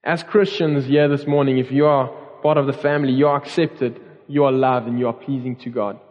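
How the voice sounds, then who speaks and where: A man's voice: mid-range voice, fairly even intonation, fairly quick. A man preaching a sermon to a church congregation, earnest, with repeated phrases and restarts. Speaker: pastor. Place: church hall. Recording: dull recording in a long-reverb hall.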